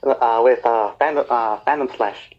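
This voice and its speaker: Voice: mid-range voice, moderate pace. A podcast guest on a video call, giving hesitant, brief answers in casual chat. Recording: dull lo-fi video call audio.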